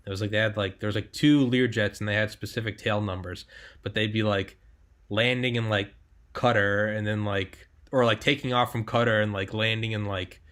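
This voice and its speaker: A young man hosts a podcast in loose, casual conversation. His voice sits a little low, and he talks with animated energy, swearing freely and breaking into laughter mid-story. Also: moderate pace. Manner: animated, swearing, laughs while telling stories. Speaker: podcast host.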